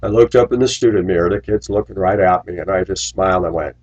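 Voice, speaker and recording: Deep husky man, preachy storyteller with a grievance, rambling to camera. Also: fast, darkish tone, dull audio. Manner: preachy, aggrieved, storytelling with asides. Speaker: school bus driver. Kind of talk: rambling personal monologue.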